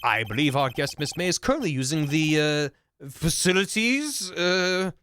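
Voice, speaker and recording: A man's voice: fairly high pitch, lively intonation, normal speed, bright, forceful tone, clear, resonant tone. A man voicing a stiff, overly formal hotel bellboy who tacks a polite "sir" onto every sentence. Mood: stiffly polite. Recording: game music playing underneath.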